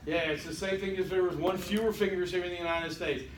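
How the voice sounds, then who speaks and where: Man, college lecturer, wry jokes, fairly high voice, echoey classroom, mic at a distance, faint room hiss. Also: fairly even intonation, quick pace. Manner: wry, joking asides to students. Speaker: college instructor.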